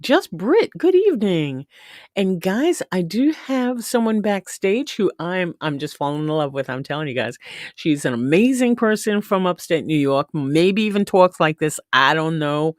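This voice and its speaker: A woman's voice: fairly low pitch, animated, normal speed, no echo, clean studio sound. A woman hosting a casual live stream, chatting affectionately and greeting viewers by name. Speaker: livestream host. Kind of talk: casual livestream chat.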